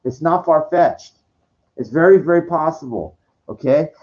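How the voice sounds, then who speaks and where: Dull lo-fi audio captures a man in his forties with a fairly high, slightly mellow voice, speaking a little slowly. He rants about his life in a rambling monologue, stammering and restarting often, swearing frequently and breaking into exasperated outbursts.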